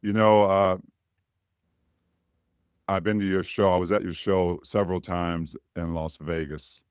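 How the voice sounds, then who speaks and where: A man's voice: low-pitched, flat delivery, measured pace, clear, resonant tone, no room sound, studio quality. A man hosting a podcast, asking questions in an easygoing way. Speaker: podcast host. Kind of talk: interview questions.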